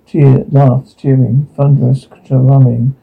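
A man's voice: medium pitch, little pitch movement, takes it slowly, vocal fry, husky. A man giving audio description, calling out short, clipped sound cues for a drama. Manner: terse, clipped cue descriptions. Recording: tinny phone-like sound.

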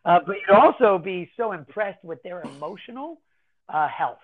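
A man talking casually as an interview guest, explaining in an animated way and acting out children's voices as he goes. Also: high voice, normal speed, a crowd in the background. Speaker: guest, anti-bullying educator. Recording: tinny phone-like line.

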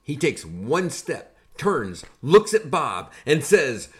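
A man's voice: on the high side, slow. Older man telling army stories. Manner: animated, conversational, builds to punchlines. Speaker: podcast host and army veteran. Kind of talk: casual storytelling.

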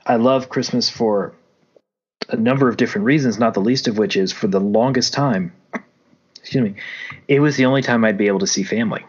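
A man's voice: on the low side, a little fast, husky. A man co-hosting a casual podcast, telling long rambling stories and correcting himself as he goes. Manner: rambling, self-correcting storyteller. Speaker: podcast co-host. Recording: dull lo-fi sound.

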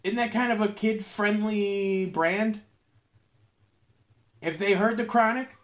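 A man hosting a solo podcast, talking in a rambling, profane, excitable way, tired out. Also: high voice, slow pace. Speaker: podcast host. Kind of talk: casual solo podcast rant.

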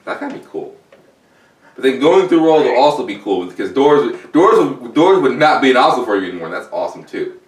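A man's voice: mid-range voice, very animated, a little fast. A man in a casual chat with friends, reading out questions, rambling and swearing as he thinks aloud. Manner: rambling, swearing, breaks into silly voices. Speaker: question reader in a group chat. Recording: echoey room, from far off.

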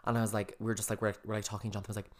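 A man's voice: fairly low pitch, flat delivery, very fast. A young man co-hosting a podcast, teasing his friend with sassy slang in casual chat. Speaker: podcast co-host.

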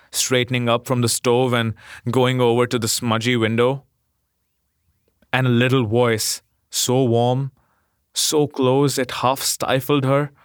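Male narrator, steady mid pitch, very unhurried, gentle, dry booth sound. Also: smooth, dry recording. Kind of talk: scripted story reading.

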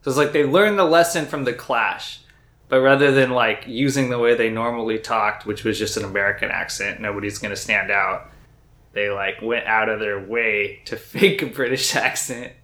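A man co-hosting a podcast, chatting casually and rambling with lots of "like" and animated asides. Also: fairly low pitch, moderate pace. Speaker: podcast co-host. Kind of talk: casual chat.

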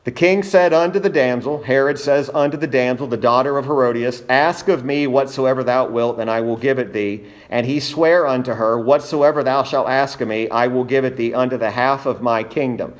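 A man's voice: medium pitch, moderate pace, hardly any pauses. A man preaching an expository sermon, reading scripture and speaking earnestly and emphatically to his congregation.

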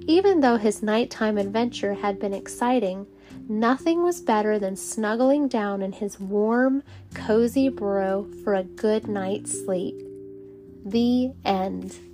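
A woman reading a bedtime story aloud to children, gentle and calm. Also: medium pitch, slow pace, music in the background. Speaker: storybook reader.

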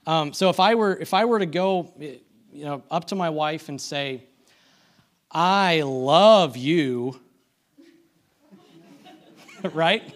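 A man's voice: fairly high pitch, normal speed. A man giving a conversational sermon, full of restarts and self-deprecating asides, asking the congregation for amens. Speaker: church speaker.

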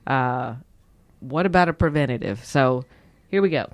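A woman's voice: a bass voice, lively intonation, moderate pace, no echo. Chatty woman explaining products. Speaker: podcast co-host. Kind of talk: casual health podcast chat.

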